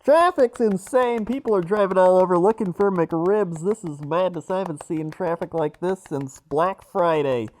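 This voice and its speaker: A man's voice: high voice, normal speed, few pauses, darkish tone, voice pushed up, lightly acted. A man voicing a frantic male traffic reporter in a helicopter, with rambling, jokey news-reader patter. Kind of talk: comedy podcast bit.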